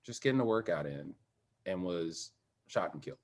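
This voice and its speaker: A man's voice: deep voice, normal speed. Guest: man, candid storyteller, voice rising and falling widely, emphatic. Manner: animated, emphatic, swings between quiet and raised. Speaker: guest, former Olympic swimmer. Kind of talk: candid personal storytelling in conversation.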